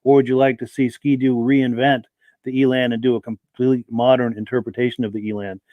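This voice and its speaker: Greeting viewers by name, a male podcast host keeps his live-stream chat friendly and welcoming. His medium-pitched voice moves little in pitch and he talks briskly, with no echo, though the audio has a phone-like quality.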